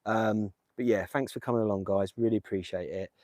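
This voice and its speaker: An Englishman live-streams from a windy village while visiting graves, holding his phone and chatting with viewers as he reads their comments. His voice sits on the low side with fairly even intonation, brisk and a little mellow, without echo. He rambles and jokes in a casual way.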